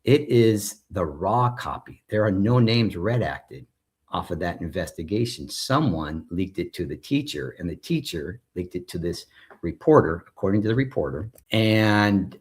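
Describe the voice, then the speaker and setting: A man's voice: low voice, lively intonation, moderate pace, slightly rough. A man in his forties, a former school principal, recounting his experience in conversational storytelling and acting out the dialogue he describes. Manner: recounts events while acting out quoted dialogue.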